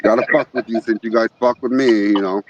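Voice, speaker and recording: A man's voice: medium pitch, fairly even intonation, fast talker. A man hosting a casual livestream chat, joking and cursing as he reads out names from the chat. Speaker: podcast host. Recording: muffled with clear background noise.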